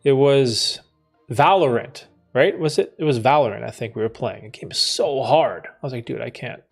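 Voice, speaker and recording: A man's voice: medium pitch, normal speed, gravelly, breathy edge, faint music behind. Laid-back man chatting on a live stream. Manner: laid-back, laughs often, trails off and restarts. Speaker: livestream host answering chat. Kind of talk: casual live-stream chat, reading and answering comments.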